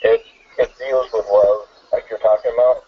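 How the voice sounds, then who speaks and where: A man calling in to a talk show, speaking casually and haltingly. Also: medium pitch, fairly even intonation, dull audio, a little hiss or hum. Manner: halting, with fillers and restarts. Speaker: caller. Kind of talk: casual call-in chat.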